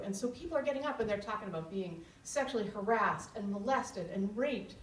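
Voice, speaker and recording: A woman's voice: medium pitch, expressive, fairly quick, hardly any pauses. A woman telling a personal story on stage at a live event, candid and emotional in an earnest way. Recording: roomy hall, distant mic, faint ambience.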